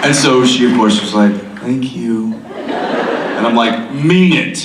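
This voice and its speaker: Panel guest, male, slow lively storyteller; echoey hall, distant mic. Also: mid-range voice, over a noisy crowd, very noisy. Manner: animated storyteller, laughs often. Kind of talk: telling an anecdote on stage. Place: convention hall stage.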